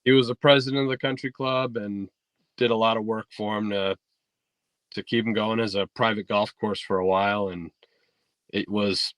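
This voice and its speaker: A man's voice: fairly low pitch, normal speed, no room sound. Laid-back New man telling golf stories. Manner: relaxed storytelling with fillers and restarts. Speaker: podcast guest, golf instructor. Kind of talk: casual interview chat. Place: podcast studio.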